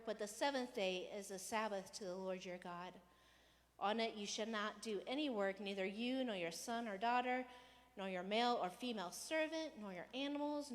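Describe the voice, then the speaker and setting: A woman pastor giving a casual, conversational sermon, animated and playful, sometimes raising her voice to act out a rant. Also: mid-range voice, in a large hall. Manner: conversational, animated, acts out rants with raised voice. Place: church hall.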